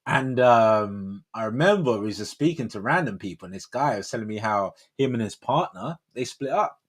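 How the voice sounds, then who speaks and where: A man's voice: fairly low pitch, lively intonation, moderate pace, husky. A man in his forties hosting a livestream, chatting casually in slangy, rambling talk with frequent laughs. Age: 40s. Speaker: livestream host. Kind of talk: casual chat.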